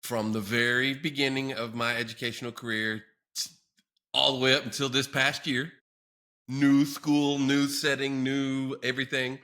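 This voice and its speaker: A podcast host, this man chats casually with a bright, forceful tone. He tells jokey, self-deprecating stories from his teaching days at an easy middle pitch. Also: flat delivery, normal speed. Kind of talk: casual chat.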